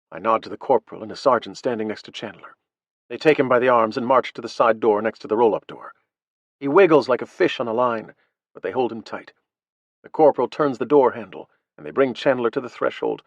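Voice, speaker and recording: A man's voice: medium pitch, brisk, dry recording, lo-fi sound. Man reading a first-person audiobook. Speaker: audiobook narrator.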